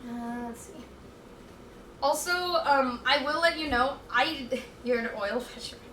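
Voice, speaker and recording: A woman's voice: high-pitched, a little slow, pushed and bright, echoey room, recorded from a distance, a little hiss or hum. A woman streamer chatting casually with her viewers as she cooks at home, reading chat aloud in a scattered, playful way. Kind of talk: casual chat while cooking. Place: home kitchen.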